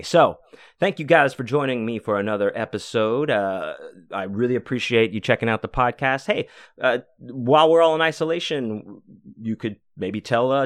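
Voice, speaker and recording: A man's voice: fairly low pitch, a bit bright, dry recording, clean studio sound. A man in his forties hosting a podcast, telling a long, rambling story in casual talk, full of fillers and cursing. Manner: rambling, profane, many fillers. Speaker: podcast host.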